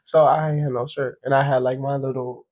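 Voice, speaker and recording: A young man co-hosting a podcast in loose, profane, animated chat, laughing often. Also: medium pitch, a little fast, dull audio. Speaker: podcast co-host. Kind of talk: casual chat.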